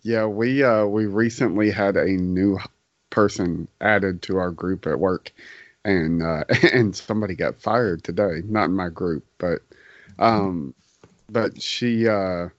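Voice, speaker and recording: A man co-hosting a podcast in easy chat, telling stories with laid-back, dark humor. His voice is low and sounds close and dry. The audio has a dull, lo-fi tone. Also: no room sound. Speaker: podcast co-host. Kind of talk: casual chat.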